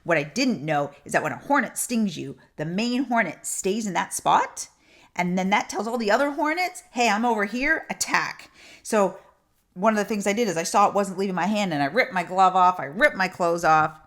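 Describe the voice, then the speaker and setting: A middle-aged woman who coaches intuition, talking casually to camera and telling stories with animated, repeated emphasis. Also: medium pitch, normal speed. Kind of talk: casual teaching talk.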